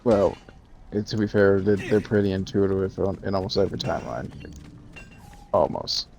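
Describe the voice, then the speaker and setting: A man co-hosting a game stream, dropping dry jokes and quick one-liners in casual chat. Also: sits low, vocal fry, a little mellow. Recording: faint game music behind.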